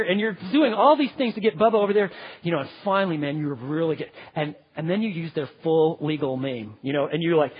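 A man teaching parenting in sermon style, animated, often checking in with "okay?". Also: high-pitched, brisk, breathy edge. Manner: animated, acts out parents and kids, keeps asking "okay?". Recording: dull, lo-fi hall with long reverb.

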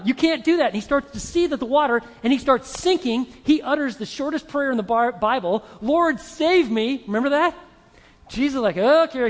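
Brief male pastor, high voice, lively storytelling sermon, reverberant hall. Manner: animated storytelling, acting out voices.

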